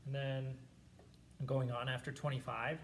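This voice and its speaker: A man's voice: medium pitch, flat delivery, unhurried, creaky, a bit bright, faint music behind. A man teaching a band practice lesson, patiently explaining and counting and singing rhythms aloud to demonstrate. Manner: patient, encouraging instruction.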